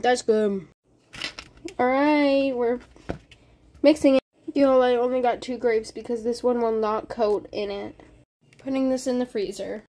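A woman's voice: a little high, dark tone. Chatty young woman vlogging, noisy recording. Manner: chatty, nervous, giggly commentary. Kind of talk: casual cooking vlog narration.

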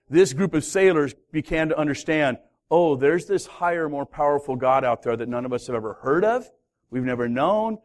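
Animated man preaching a story. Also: medium pitch. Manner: animated storytelling, acting out voices of the sailors. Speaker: pastor. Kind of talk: sermon. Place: church hall.

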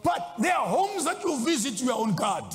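A man preaching a sermon as a bishop, swinging between loud exclaims and low asides. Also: big pitch swings, normal speed, faint music behind. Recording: long hall reverb.

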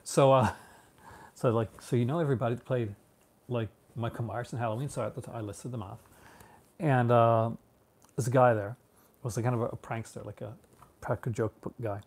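A man's voice: mid-range voice, steady tone, normal speed, long pauses. A man from Canada, around his thirties, talks casually to his viewers. His speech wanders, full of fillers, restarts and easy laughter. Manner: rambling, many restarts and fillers, laughs often. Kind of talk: casual chat, answering viewers.

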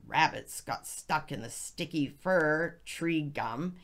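A woman narrating a folk tale slowly for English learners, with expressive reading and soft, hushed passages. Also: sits low. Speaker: storyteller.

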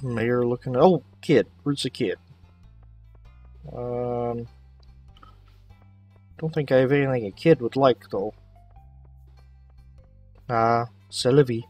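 Man, husky voice, casual let's-play chatter, a bit distant from the mic, faint game music. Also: medium pitch, takes it slowly, pauses often, darkish tone, no room sound. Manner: chatty, talks to characters. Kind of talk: casual gameplay commentary.

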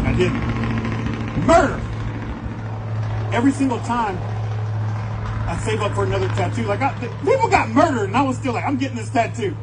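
A man preaching a sermon in a church, telling stories in an animated way and acting out the voices of other people. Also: high-pitched, noisy background. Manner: animated storytelling, acts out voices, fast bursts. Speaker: pastor.

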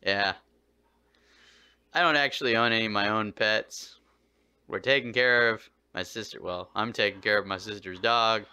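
A man's voice: lowish voice, moderate pace, pauses often, bright, forceful tone, clear, resonant tone, no room sound. A man vlogging casually, short on sleep, talking to his dog in an exasperated, swearing, mock-scolding way.

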